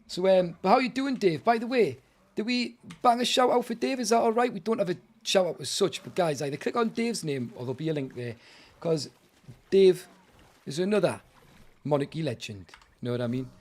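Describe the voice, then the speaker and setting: A man's voice: high voice, animated, fairly quick. Chatty British man streaming a game. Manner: chatty, exasperated banter with viewers. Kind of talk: live gaming commentary.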